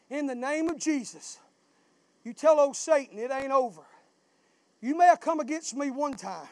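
A pastor delivering a fiery sermon in a strikingly high, dry voice, recorded close with no room echo. He builds his points into passionate, shouted refrains. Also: moderate pace, creaky. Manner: southern-style preaching, swells into shouting.

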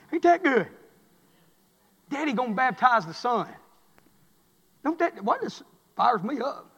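A man, preaching a sermon as pastor, swinging from quiet murmurs to shouted fervor. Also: very high-pitched. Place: church sanctuary. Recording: long echo of a church sanctuary.

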